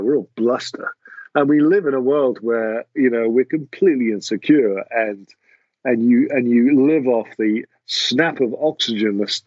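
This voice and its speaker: An English man, a music producer, answering interview questions in a halting way with many restarts. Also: medium pitch, darkish tone, no echo, highs cut off. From England. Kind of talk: casual interview talk.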